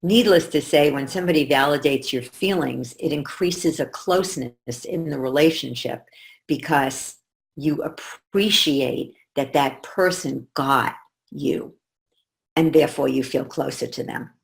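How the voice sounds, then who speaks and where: A middle-aged woman coach explaining calmly and in measured steps to camera. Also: sits low, creaky. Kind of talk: teaching talk to camera.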